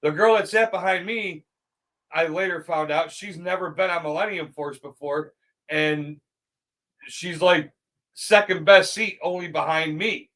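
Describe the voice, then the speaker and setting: A man's voice: a little high, a little slow, poor audio. A middle-aged man in casual chat, telling stories with swearing and frequent laughter. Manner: animated storyteller, swears, laughs often.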